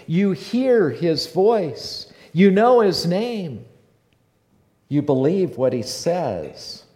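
A man preaching a sermon as pastor, passionate and building to loud emphatic repetition. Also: a little high, in a large hall. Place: church sanctuary.

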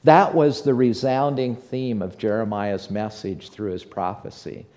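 A man's voice: on the low side, steady tone, measured pace, mellow. A man preaching a sermon to his congregation, earnest and rising to fervent emphasis. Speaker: pastor.

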